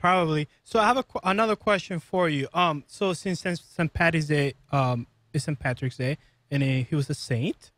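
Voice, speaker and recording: A man's voice: on the high side, normal speed, fairly bright tone, dry recording. A man co-hosting a casual radio talk show, asking friendly, plain questions. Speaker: co-host.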